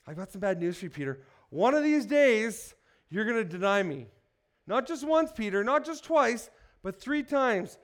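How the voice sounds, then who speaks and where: A preacher voicing a calm, plain-spoken teacher. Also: male voice, high voice, moderate pace. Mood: foretelling. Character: calm foretelling adult male teacher.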